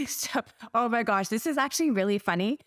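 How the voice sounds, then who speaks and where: A woman's voice: a little high, moderate pace, a bit bright, no room sound, clean studio sound. A woman in her forties, a business coach for therapists, telling her story in a casual interview and acting out her own past words.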